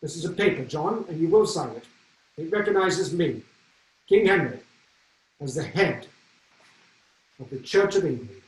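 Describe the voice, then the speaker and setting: A man's voice: on the high side, animated, normal speed, long pauses, lightly acted. A man playing a domineering, imperious king who bullies a churchman, heard from some distance in a roomy space. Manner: commanding, bullying. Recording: roomy sound from off mic.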